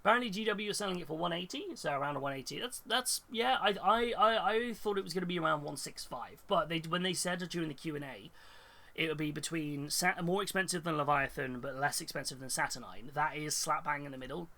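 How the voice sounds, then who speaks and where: A man's voice: a little high, fairly quick, vocal fry, sharp tone. A man with a cold, talking casually and rambling on a live hobby stream, full of fillers and restarts. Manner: rambling, thinks aloud with many fillers and restarts, reads chat. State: congested with a cold.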